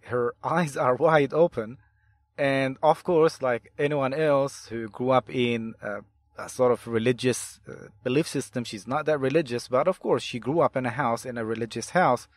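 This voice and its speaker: A man's voice: mid-range voice, dry recording. Dry-voiced man telling therapy cases. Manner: deliberate, repeats and restarts phrases. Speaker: hypnotherapy instructor and podcast host. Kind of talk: podcast monologue recounting client cases.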